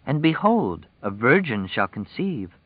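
A man voicing a sharp-tongued young pregnant woman, cool and sarcastic in her replies. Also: mid-range voice, big pitch swings, a little slow, no room sound, narrow, tinny audio, pitched above the performer's own voice.

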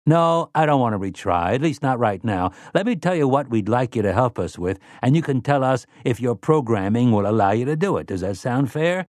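A man's voice: mid-range voice, expressive, brisk, hardly any pauses, a little mellow, dry recording, studio quality, lightly acted. A man voicing a sly, easygoing man who talks in a breezy, conspiratorial, folksy way.

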